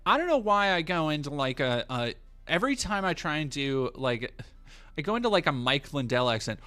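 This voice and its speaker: A man's voice: a little high, sing-song, fairly quick, bright, forceful tone, clear, resonant tone, faint music behind. A man from the United States hosting a livestream, talking casually in a rambling, profane way with many fillers and restarts. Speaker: livestream host.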